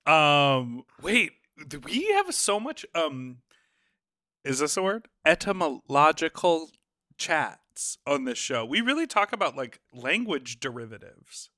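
Man, Midwestern accent, podcast co-host, lively pitch, bright tone, playful, giggly. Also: slow pace, dry recording, clean studio sound. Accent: Midwestern American. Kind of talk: casual podcast banter.

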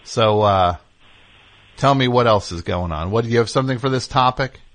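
A man's voice: mid-range voice, normal speed, dry recording. A man hosting a call-in radio show in a loose, rambling way, with plenty of ums and restarts. His voice sits in the middle range and is recorded close and dry in a studio. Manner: relaxed, rambling, many fillers. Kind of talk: casual call-in chat.

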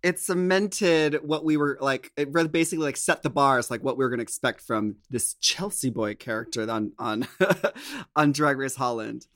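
A man's voice: mid-range voice, normal speed, a bit bright. A man co-hosting a podcast in casual chat, gushing and laughing between phrases, with lots of "like". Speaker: podcast co-host.

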